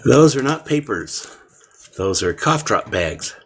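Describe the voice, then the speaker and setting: A man's voice: mid-range voice, very animated, slow pace, a little hiss or hum. A man co-hosting a podcast, chatting casually and cracking jokes before the show. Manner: wisecracking, rambling. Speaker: podcast co-host. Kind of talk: casual pre-show chat.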